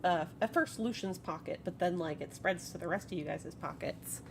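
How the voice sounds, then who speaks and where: A woman running a tabletop game as game master, narrating in a relaxed way with plenty of fillers. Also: fairly low pitch, moderate pace, creaky, noisy background.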